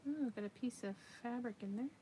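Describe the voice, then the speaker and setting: A woman chatting casually with her livestream viewers while she crochets, relaxed and talkative as she works. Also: a little high, a little fast, a little hiss or hum. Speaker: livestream crafter.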